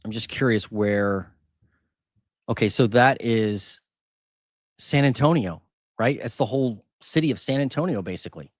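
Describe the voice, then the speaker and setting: A man with a medium-pitched voice speaks at a moderate pace and pauses often, recorded with studio quality and no echo. He hosts a housing market channel, casually reading through market figures in live commentary, thinking aloud and repeating numbers.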